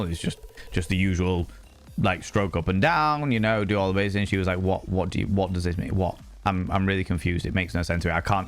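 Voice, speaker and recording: A man streaming live, chatting casually with his chat, loose and sweary with plenty of fillers. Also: sits low.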